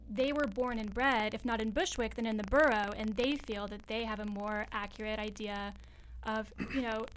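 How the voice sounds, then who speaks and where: A young woman reporter, a guest on a talk radio show, explaining a story in a measured way with fillers. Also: a little high, slight background noise, rough recording. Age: young adult. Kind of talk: radio interview.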